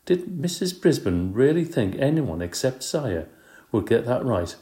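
A man's voice: medium pitch, sing-song, a little slow, dark tone. A man narrating a children's storybook in a wry, playful first-person tone. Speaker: audiobook reader. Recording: roomy echo.

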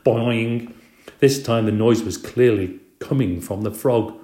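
A man narrating a children's story in a steady storytelling way. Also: lowish voice, moderate pace. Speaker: audiobook reader. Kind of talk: scripted narration. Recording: roomy echo.

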